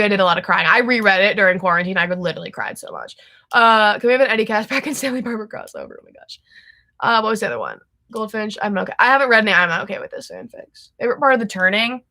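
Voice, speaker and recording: A young woman hosting a casual livestream from home, chatty and excitable, breaking into giggles often. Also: mid-range voice. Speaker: livestream host. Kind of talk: casual live chat.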